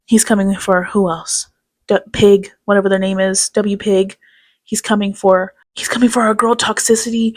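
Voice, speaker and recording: A woman's voice: a little high, lively intonation, moderate pace. A woman hosting a casual reaction commentary, chatty and sarcastic, often breaking into laughter. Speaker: commentary channel host.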